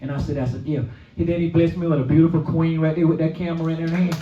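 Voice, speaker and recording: A man's voice: fairly high pitch, little pitch movement, quick pace, dark tone. Man giving testimony in an echoey hall. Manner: storytelling, preacher-like, rising to exclamations. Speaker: guest speaker. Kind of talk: personal testimony. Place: event hall at a luncheon. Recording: echoey room from far off, dull sound.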